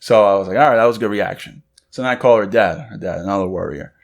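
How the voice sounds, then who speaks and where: A young male co-host of a podcast moves at a quick pace in a lowish voice, casually telling a story over cigars. He's energetic and performs each quoted person's voice.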